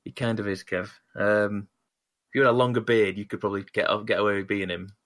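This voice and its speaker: Deep-voiced man rambling about comics. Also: flat delivery, fast, a bit bright. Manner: rambling, many restarts and fillers. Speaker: podcast co-host. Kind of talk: casual chat about comics.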